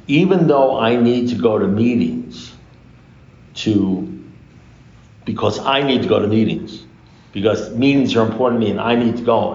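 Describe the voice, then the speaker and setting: A man speaking to a recovery meeting, telling a long story in an animated way, acting out the dialogue and swearing freely. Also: on the low side, gravelly, a little hiss or hum. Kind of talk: storytelling talk to an audience. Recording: echoey room, dull lo-fi sound.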